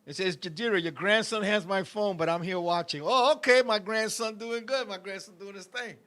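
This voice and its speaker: A man's voice: high voice, a little fast, a bit bright. A middle-aged man hosting a live-stream talk show, telling a story in a heated, profane way and talking to his co-host and viewers.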